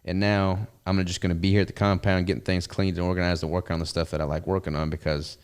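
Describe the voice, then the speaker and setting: This podcast host and business owner has a Southern US accent and chats casually about his business, rambling in an easygoing way. He talks fast in a deep, level voice with a clean tone.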